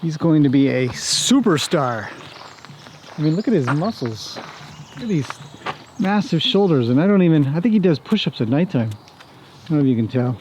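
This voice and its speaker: A man's voice: a little high, big pitch swings, normal speed, pauses often, darkish tone, slight background noise. A man vlogging casually outdoors as he walks round a farm, chatting to the camera and talking fondly to the animals. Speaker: horse trainer vlogger. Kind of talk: casual walk-and-talk vlog.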